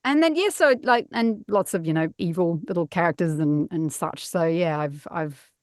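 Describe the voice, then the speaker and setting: A woman's voice: lowish voice, moderate pace, no room sound, clean studio sound. A middle-aged woman, a voice actor guest, chatting casually and self-mockingly from her padded home booth. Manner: self-mocking, laughs often. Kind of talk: casual interview chat.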